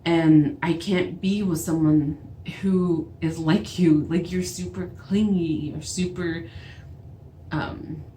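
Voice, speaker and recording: A woman's voice: lowish voice, steady tone, slow pace, mellow. A young woman with a Navajo accent telling a storytime vlog, acting out both sides of phone calls as she retells them. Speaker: vlogger. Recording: echoey room with faint background noise.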